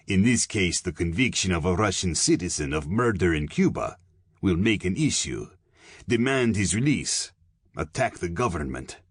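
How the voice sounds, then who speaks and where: A man's voice: low voice, slightly rough, no echo, clean studio sound, heavily acted. A man narrating an audiobook, voicing a solemn, pompous colonel who lectures earnestly and sounds weary. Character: solemn, pompous middle-aged male police colonel.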